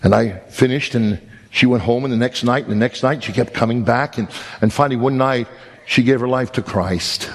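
A man's voice: mid-range voice, normal speed, big-room sound. A man preaching a sermon, telling stories with emphatic rises and repeated words. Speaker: pastor.

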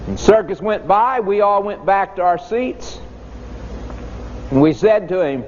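An older man preaching a sermon, telling folksy stories and speaking straight to the congregation in an animated way. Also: high voice, measured pace, slight background noise. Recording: dull sound in a reverberant hall.

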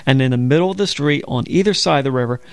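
A man's voice: mid-range voice, very fast, clear, resonant tone, no room sound. A man co-hosting a Bible program, telling stories and explaining scripture step by step in conversational teaching.

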